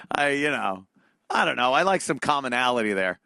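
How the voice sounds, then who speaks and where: A man's voice: medium pitch, lively intonation, normal speed, vocal fry, pushed and bright, no echo. A man, hosting a show and telling a comedic, profane, sarcastic rant about how annoyed he is by everyone around him. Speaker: show host.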